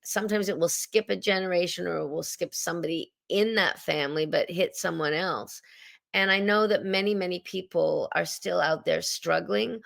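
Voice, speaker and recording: A woman in her sixties, a Canadian actress, telling her story in a relaxed interview, with an expressive, husky voice. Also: fairly low pitch, normal speed.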